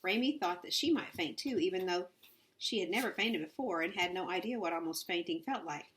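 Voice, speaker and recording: Woman reader, lowish voice, relaxed storybook narration. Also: a little fast. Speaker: audiobook reader. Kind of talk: reading a children's novel aloud.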